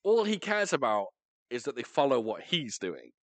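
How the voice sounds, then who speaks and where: Male podcast host, casual reviewer, pitch swings all over, dry close sound. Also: sing-song, a bit bright, dry recording. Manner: enthusiastic, rambling, quick asides. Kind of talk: casual film review chat.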